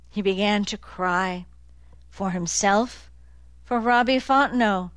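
A woman reading a novel aloud as an audiobook narrator, in an even, measured way. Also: mid-range voice, smooth, dry recording. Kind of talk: scripted narration.

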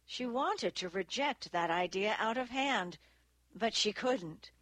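A woman reading a novel aloud as narrator, in a measured, steady delivery. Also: medium pitch, no room sound. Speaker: audiobook narrator. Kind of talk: scripted narration.

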